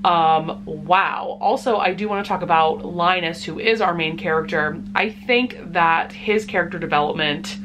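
Gushing over her favorite books, a young woman chats casually in a home reading vlog, laughing frequently as she goes. She has a lowish voice, a moderate pace with few pauses, and there's background noise.

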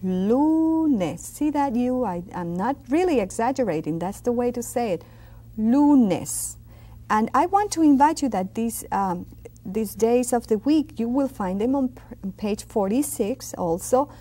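A middle-aged woman teaching a language lesson, repeating each word slowly and clearly for students. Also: a little high, animated, warm tone. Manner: slow, drawn-out repetition of words for students. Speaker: Spanish teacher.

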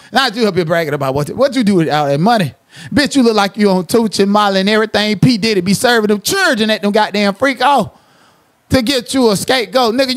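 High-pitched guy ranting on his livestream, cussing everybody out, kinda sing-songy at times. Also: a bit bright. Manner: profane, confrontational, trash-talking; drifts into sing-song asides. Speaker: commentary channel host. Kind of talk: livestream commentary rant.

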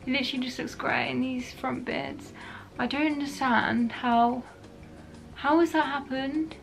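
A young woman, chatting frankly to camera in a casual vlog. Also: fairly high pitch. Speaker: beauty vlogger.

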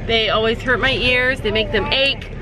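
A woman vlogging casually to her viewers, chatty and animated as she talks straight to the camera from her backyard. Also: a little high, normal speed, background noise. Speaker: family vlogger. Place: outdoors in a backyard.

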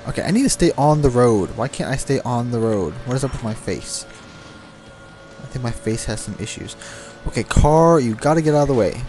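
A young man with a warm, medium-pitched voice comments on his own racing game, with slight background noise. Frustrated, he swears and grumbles at the cars, talking straight to the game over its music and engine sounds.

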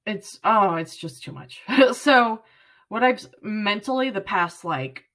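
A woman in her late thirties speaks straight to the camera in a personal vlog. She is earnest and rambling, and she stays close to tears. Her voice sits at an ordinary middle pitch. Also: lively intonation, slow, fairly bright tone. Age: 30s. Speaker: vlogger.

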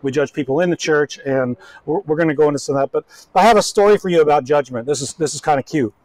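A man's voice: fairly high pitch, fast, darkish tone, no room sound, low-quality recording. A man preaching a casual, folksy sermon as pastor, chatting with the congregation through frequent restarts and asides.

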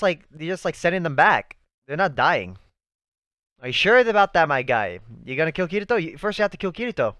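An excitable young man calls out to the screen as he reacts, in loose, slangy talk. His voice sits a little high and jumps all over, swinging from hushed to loud. The sound is close and dry. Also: no room sound. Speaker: anime reaction channel host. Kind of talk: live reaction commentary.

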